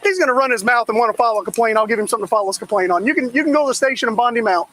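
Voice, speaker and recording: A police officer yelling and giving orders in an agitated argument outdoors, recorded on his body camera. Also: very high-pitched, very fast. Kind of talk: heated roadside argument.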